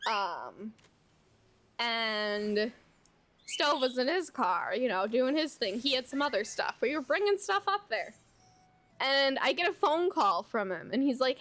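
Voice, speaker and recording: A young adult woman streamer telling a casual story at home while she plays, animated and chatty, full of "like" and the odd swear word. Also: fairly high pitch, a little slow. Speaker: VTuber streamer. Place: home, at her computer.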